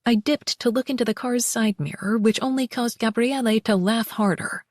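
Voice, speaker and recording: A woman narrating a first-person romance audiobook in an expressive, wry way on a close mic. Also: a little high, normal speed, no echo.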